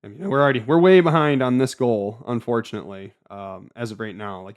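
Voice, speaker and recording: A man's voice: mid-range voice, lively intonation, fast talker, hardly any pauses. A man hosting a casual solo trading recap, rambling with frequent stammers, restarts and filler words. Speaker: trading channel host.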